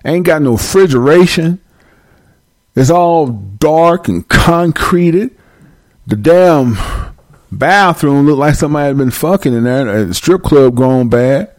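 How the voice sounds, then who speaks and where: A man's voice: a little high, slow, dry recording, clean studio sound. A man hosting a livestream, ranting casually with lots of profanity and frequent laughter. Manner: profane, laughing often, animated. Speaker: livestream host.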